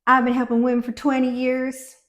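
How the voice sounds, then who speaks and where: A woman's voice: high-pitched, completely flat delivery, fairly quick, a bit bright, voice pushed up. Woman putting on a blunt old-school Texan nurse. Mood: dismissive. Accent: Texas. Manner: blunt, set in her ways.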